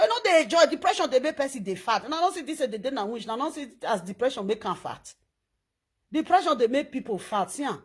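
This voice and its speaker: A woman speaking in a Nigerian Pidgin accent, ranting loudly and scolding on social media. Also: high voice, slightly rough. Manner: animated, loud and scolding, switching between pidgin and English.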